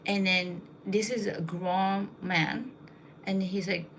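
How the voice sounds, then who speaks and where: A woman's voice: mid-range voice, fairly even intonation, slow pace, slight background noise, low-quality recording. A young woman casually telling rambling anecdotes, with lots of fillers. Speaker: storyteller.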